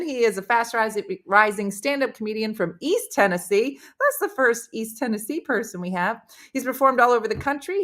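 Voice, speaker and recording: A woman with a New Jersey accent, a comedian hosting a casual chat show and introducing her guest in an animated, chatty way. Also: a little high.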